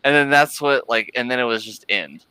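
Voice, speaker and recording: A man's voice: medium pitch, normal speed, bright, forceful tone, clear, resonant tone, dry recording, low-quality recording. A man hosting a casual livestream, rambling through a funny story with lots of "like" and frequent laughter. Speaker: livestream host.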